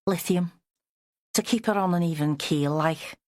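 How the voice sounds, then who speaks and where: A woman's voice: fairly low pitch, measured pace, darkish tone, no room sound, studio quality, close to an everyday voice. A woman reading an audiobook, voicing an anxious, devoted Liverpool husband with a weedy voice. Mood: worried.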